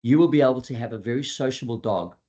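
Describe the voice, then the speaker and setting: A male dog trainer presents a webinar in an easy, conversational way. He is animated, acting out his clients and their dogs as he goes. His voice sits at an ordinary middle pitch. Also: fast talker.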